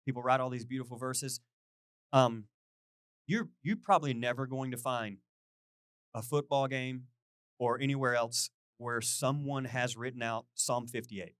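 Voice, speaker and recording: A middle-aged man preaching a casual, conversational sermon as a pastor, chatty and animated, often asking his listeners questions. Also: mid-range voice, measured pace, clean tone, no room sound, studio quality.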